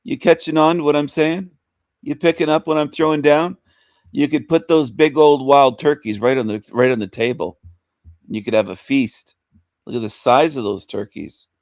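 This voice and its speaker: A man's voice: mid-range voice, normal speed, dry recording, clean studio sound. A man hosting a talk radio show, rambling through an opinionated monologue and repeating himself with rhetorical questions.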